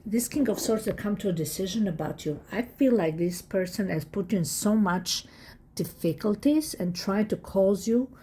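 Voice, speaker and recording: A woman giving a casual tarot reading straight to her viewers, excited and emphatic, repeating her points. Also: mid-range voice, moderate pace, slight background noise. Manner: excited, emphatic and repetitive, addressing viewers directly. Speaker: tarot reader.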